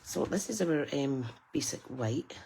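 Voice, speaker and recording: A woman's voice: low-pitched, expressive, unhurried, creaky, warm tone, a little hiss or hum. A middle-aged woman from the UK, chatting and laughing with viewers while demonstrating card making on a live stream. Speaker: craft demonstrator. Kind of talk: chatty live craft tutorial.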